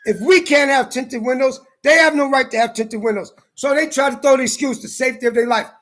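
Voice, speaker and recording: Heated high-voiced man ranting. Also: brisk. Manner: profane, heated, shouting at times. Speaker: ranting commentator. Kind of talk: angry personal rant and storytelling.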